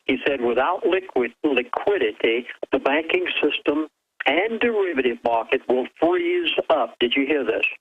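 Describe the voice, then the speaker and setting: A man's voice: medium pitch, expressive, normal speed, breathy edge, no echo, phone-quality sound. A man who is a guest on a call-in radio show, speaking urgently and dramatically while quoting a source word for word.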